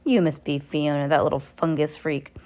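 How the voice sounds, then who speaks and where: A woman's voice: low voice, fairly even intonation, moderate pace, darkish tone, lightly acted. A woman putting on a sneering, giggling villain. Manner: giggling "tee hee" asides, mocking. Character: sneering villainous man, greedy and cruel.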